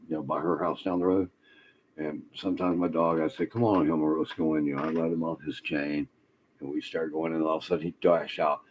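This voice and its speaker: A man of about sixty telling rambling, profane stories in a casual way, laughing often and filling pauses with "you know". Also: rumbling low, mellow, slight background noise, poor audio.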